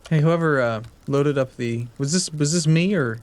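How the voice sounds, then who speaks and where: An American man rambles through casual multiplayer gaming chat, peppered with fillers. His voice sits a little higher than most men's. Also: normal speed, a little mellow, slight background noise. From United States. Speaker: co-player.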